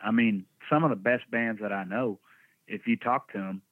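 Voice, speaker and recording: A man's voice: on the low side, normal speed, no echo. A man from Texas with a Texan accent, telling stories in a candid, laid-back way and swearing freely during a casual interview. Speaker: band vocalist, podcast guest. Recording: dry tinny phone-like line.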